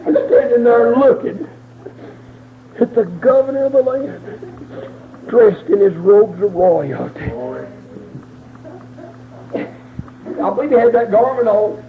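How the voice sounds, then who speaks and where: A man preaches in a very high, strained voice, drawing every phrase out slowly. He swings from shouted, tearful cries to hushed murmurs. The sound is thin and tinny, like a phone line, with a faint hiss behind it. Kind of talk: sermon storytelling.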